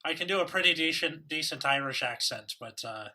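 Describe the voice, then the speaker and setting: Podcast guy reading fanfic in a fake british accent, really bright tone. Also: a little high, animated, fairly quick. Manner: reads in a put-on British accent. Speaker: podcast co-host. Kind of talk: reading fanfiction aloud and chatting.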